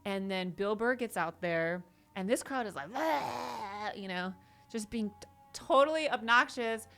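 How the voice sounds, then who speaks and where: A woman's voice: medium pitch, normal speed, soft background music. A woman comedian co-hosting a podcast, telling stories in loose, profane casual chat. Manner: loose and profane, animated storytelling. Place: comedy club.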